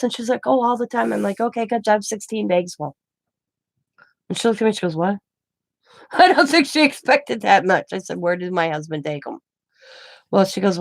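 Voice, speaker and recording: A middle-aged woman chats casually at a middle pitch, rambling through a family story and acting out what everyone said. Her voice is recorded dry and close, with no room sound around it. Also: gravelly, no room sound. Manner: rambling storytelling with quoted dialogue. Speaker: craft channel host. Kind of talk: casual chat to camera.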